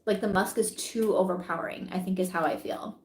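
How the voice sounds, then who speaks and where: A woman's voice: fairly low pitch, fairly even intonation, brisk, echoey room. A woman vlogger reviewing beauty products in casual, chatty talk, giggling often and saying "like" a lot.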